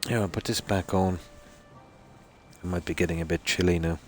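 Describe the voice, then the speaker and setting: Streaming from home at night, a man plays a game and chats through it in a low, steady voice. His commentary wanders in an easygoing way, sprinkled with pauses and plenty of "you know."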